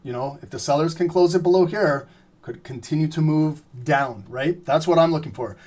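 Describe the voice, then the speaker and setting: A man giving live trading commentary, explaining steadily and often clearing his throat as he says he is losing his voice. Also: a little high, normal speed. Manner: steady explanatory, repeats "remember" and "right?". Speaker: trading streamer.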